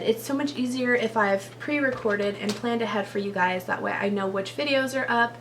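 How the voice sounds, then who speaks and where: There's a faint hiss or hum behind this woman's fairly high, somewhat bright voice. A YouTuber from Texas, she talks casually to her audience, gushing, laughing frequently and rambling in long sentences.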